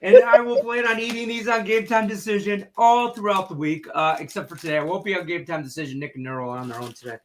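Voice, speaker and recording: A man's voice: sits high, fast talker, hardly any pauses, slight background noise. Rambling, jokey man hosting a betting show. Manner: rambling, jokey, animated storytelling. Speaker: sports betting show co-host. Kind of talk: casual chat.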